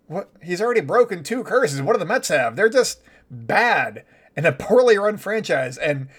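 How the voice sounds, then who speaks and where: Male sports commentator, slightly high-pitched, talky and opinionated with sarcastic asides. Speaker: baseball commentator.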